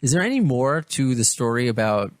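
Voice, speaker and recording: A man hosting a podcast interview, asking questions in a halting way with many restarts. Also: medium pitch, sing-song, no room sound, studio quality. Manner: hesitant, many restarts, laughs along. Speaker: podcast host. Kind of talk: casual interview.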